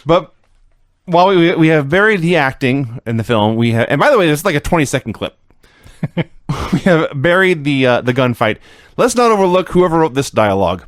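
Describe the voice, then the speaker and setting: A man's voice: on the high side, very animated, brisk, dry recording. A man co-hosting a podcast in casual chat, recapping things with dry, sarcastic humor. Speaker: podcast co-host.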